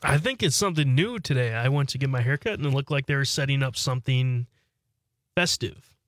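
A man's voice: mid-range voice, lively intonation, fairly quick, a bit bright, no echo. A man co-hosting a casual radio show, laid-back with short replies and dry humor. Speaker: radio co-host. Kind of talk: casual on-air chat.

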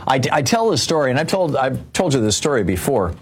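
A man's voice: medium pitch, big pitch swings, brisk, breathy edge. An older man telling a personal story in political commentary, rambling with many restarts and fillers.

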